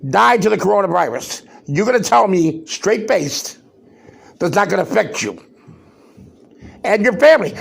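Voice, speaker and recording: A podcast host with a high, husky, creaky voice rants loudly at normal speed, very animated and worked up. He fires off rhetorical questions and emphatic commentary, broken by long pauses.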